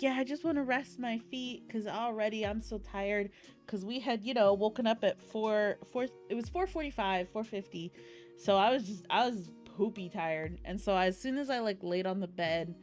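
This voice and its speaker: A young woman streamer chatting casually in a bubbly, rambling way, with giggles and cutesy baby talk. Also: fairly high pitch. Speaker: streamer recapping an event. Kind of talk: casual chat.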